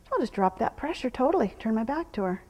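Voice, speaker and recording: A middle-aged woman with a somewhat high voice, teaching a live horse-training clinic. She explains each step calmly and patiently, then turns to murmur soft praise to the horse. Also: fast talker, in a large hall. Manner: calm teaching voice, breaking into soft praise and hushed whispers to the horse. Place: horse arena during a clinic.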